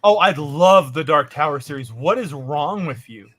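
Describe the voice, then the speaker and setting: A man's voice: on the high side, lively intonation, moderate pace, a bit bright. A Canadian man chatting casually and wryly while streaming a game. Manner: bantering, wry, rambling. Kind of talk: casual gaming chat.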